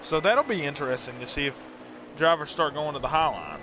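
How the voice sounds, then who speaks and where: A man doing casual commentary on a sim racing event, excitable and laughing easily. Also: a little high, fairly quick, background noise. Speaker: race commentator.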